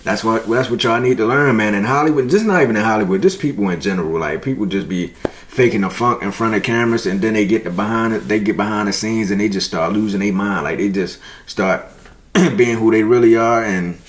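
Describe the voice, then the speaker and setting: A man hosting a reaction channel, talking straight to his viewers in casual, slangy, animated commentary. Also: fairly low pitch, brisk.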